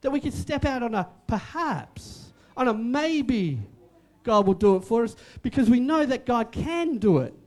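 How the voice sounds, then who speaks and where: A man's voice: very high-pitched, animated, measured pace, a little mellow. A man preaching a sermon as pastor, emphatic and repetitive, with joking asides.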